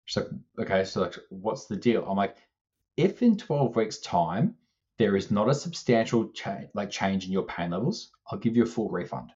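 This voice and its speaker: A man co-hosting a casual podcast, telling an animated story and acting out both sides of the conversation, swearing now and then. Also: fairly low pitch, moderate pace, lo-fi sound. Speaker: strength coach co-host.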